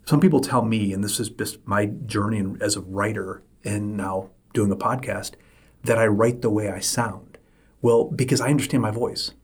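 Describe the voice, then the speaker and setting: A middle-aged man talks through a solo podcast episode in a low, slightly husky voice. He speaks emphatically and hammers his points home by repeating them. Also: fairly even intonation, normal speed. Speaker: podcast host.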